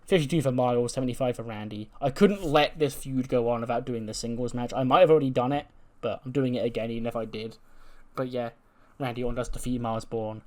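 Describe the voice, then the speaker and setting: A man's voice: mid-range voice, fast talker, hardly any pauses, a little mellow. A man casually narrating a wrestling management game in a chatty, rambling way. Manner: chatty, with many fillers. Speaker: video game let's play host. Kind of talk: casual let's play narration.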